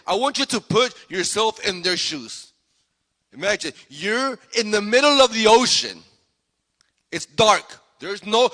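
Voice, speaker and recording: Bright high-voiced preaching man. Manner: animated preaching, repeats phrases, acts out voices. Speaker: pastor. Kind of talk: sermon. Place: church sanctuary. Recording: long hall reverb.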